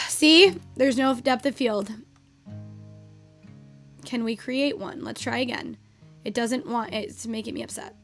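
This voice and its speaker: Taking it slowly with long pauses, a young adult woman with a slightly high voice streams a game and chats with her viewers. She swears at the game while teaching, over faint guitar music.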